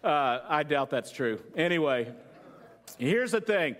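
A man's voice: fairly high pitch, sing-song, slow pace, fairly bright tone. A man preaching a sermon to a congregation in a loose, conversational way, joking and asking them questions. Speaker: pastor.

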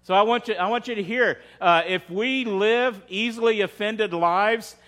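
A man's voice: high voice, a bit bright. A man preaching a sermon as pastor, in a conversational way, often asking the congregation questions and restarting his phrases.

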